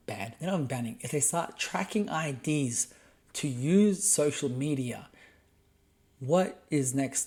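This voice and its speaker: A man's voice: fairly high pitch, a little mellow. An Australian man hosting a podcast, delivering a heated, profane solo rant. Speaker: podcast host.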